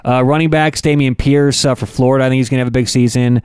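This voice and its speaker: A man's voice: medium pitch, fairly even intonation, fast, darkish tone, clean tone, dry recording, studio quality. A man co-hosting a casual sports talk show, loose and rambling with plenty of fillers. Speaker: co-host.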